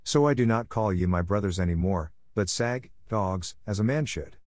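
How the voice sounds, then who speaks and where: A man's voice: fairly low pitch, expressive, moderate pace, darkish tone, no echo, clean studio sound, close to an everyday voice. A man voicing a fierce, defiant boy raised by wolves in a storybook reading, commanding in manner.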